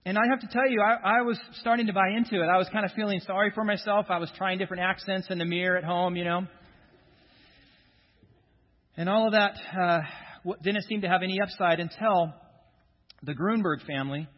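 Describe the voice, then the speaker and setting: A man's voice: high voice, steady tone, quick pace. A man preaching a sermon as pastor in a church sanctuary, joking with the congregation before reading scripture. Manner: jokey, self-deprecating banter with the congregation. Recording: dull sound with long hall reverb.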